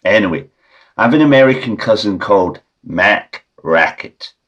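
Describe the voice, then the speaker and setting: A Scottish man hosting a comedy podcast with a deadpan, rambling absurdist monologue. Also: on the low side, moderate pace, muffled recording. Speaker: podcast host.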